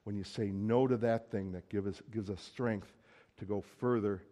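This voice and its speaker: A man's voice: fairly low pitch, fairly even intonation, normal speed, dark tone. A man preaching a sermon in a conversational, emphatic way, acting out quoted lines.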